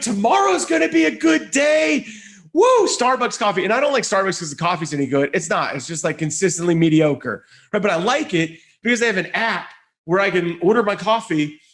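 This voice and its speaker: A man giving a conference keynote, telling an animated story and acting out the voices of the people in it. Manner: animated, high-energy storytelling with acted-out quotes. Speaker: conference speaker.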